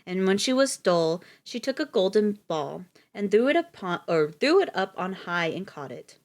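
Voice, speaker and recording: A woman's voice: mid-range voice, big pitch swings, moderate pace. A young woman reading a fairy tale on a live stream, laughing often and stopping for casual asides.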